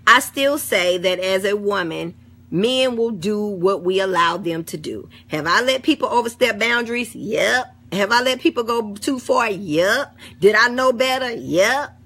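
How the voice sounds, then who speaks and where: This middle-aged woman vlogger, carrying an African American English accent from St. Louis, chats casually to the camera, blunt and cursing freely. She speaks unhurriedly in a husky, medium-pitched, somewhat bright voice.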